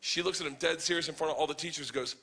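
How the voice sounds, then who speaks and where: A man performing stand-up on a club stage, telling stories in a profane, animated way. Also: fairly high pitch, rapid-fire, creaky, slight background noise. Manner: profane, animated, acting out voices. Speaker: stand-up comedian. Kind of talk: stand-up storytelling.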